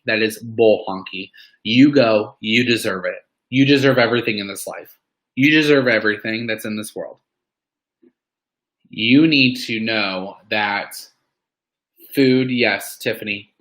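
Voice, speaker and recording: This weight-loss community member's medium-pitched, slightly bright voice comes through a low-quality recording of a live meeting. Chatty and pumped up, he offers motivation in preachy bursts, heavy on "um" and "like."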